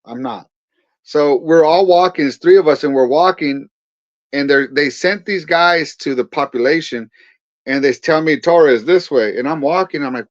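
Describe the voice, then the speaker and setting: A man's voice: a little high, moderate pace, no echo. Earnest pastor telling his story. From Central Valley of California. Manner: earnest, animated retelling with quoted dialogue. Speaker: pastor and veteran guest. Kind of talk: storytelling testimony. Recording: slightly dull dry recording.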